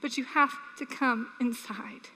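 A woman preaches with a high, bright voice that rings out across a church hall with a long reverb. She tells a childhood story with animated energy, then turns to earnest appeals to her listeners. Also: a little slow. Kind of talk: sermon with personal story.

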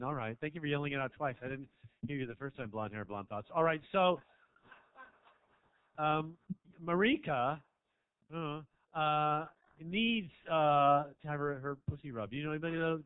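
A man doing a stand-up set in a small club, teasing the crowd, swinging between low mutters and loud shouts. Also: moderate pace, clear, resonant tone, no echo. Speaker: stand-up comedian. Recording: dry, tinny phone-like sound.

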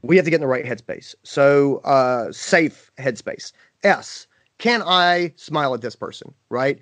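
A man's voice: medium pitch, lively intonation, unhurried, fairly bright tone, no echo. A man hosting a podcast in casual chat, acting out scenes with playful exaggeration. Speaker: podcast host.

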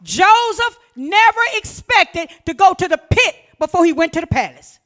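A woman preaching a fervent sermon, repeating phrases and often shouting. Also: extremely high pitch, big pitch swings, normal speed.

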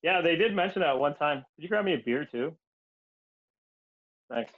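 A Canadian man spinning stories in an easygoing conversation. His voice sits a bit high for a man and comes through dull and boxy. He is animated and laughs along, and his voice jumps up whenever he quotes someone. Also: normal speed, no room sound. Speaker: guest. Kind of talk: casual storytelling.

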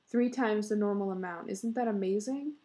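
A woman reading the part of a pushy, excitable bearded husband, talking in a boisterous, insistent way. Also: medium pitch, normal speed, natural voice. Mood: excited.

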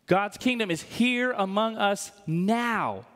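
Preaching slowly in a high, light, somewhat bright voice, this pastor keeps his sermon casual and full of jokes, often asking the congregation "right?" The church's long hall echo carries his words.

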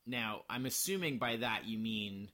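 A man co-hosting a casual podcast about films, often chiming in with quick agreement and opinions. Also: lowish voice, animated, pushed and bright. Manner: agreeable, quick backchannel replies. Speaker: podcast co-host. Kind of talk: casual film discussion.

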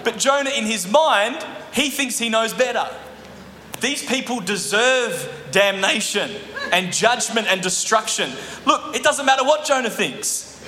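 A male pastor preaching an animated sermon, with joking asides to the congregation. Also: very high voice, measured pace. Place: church hall. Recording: echoey hall recording.

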